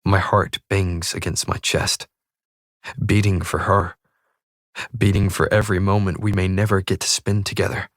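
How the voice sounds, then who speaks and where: A man with a low voice reads first-person narration for an audiobook. He keeps a steady, measured pace, and the close recording is dry, with no room sound. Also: no room sound.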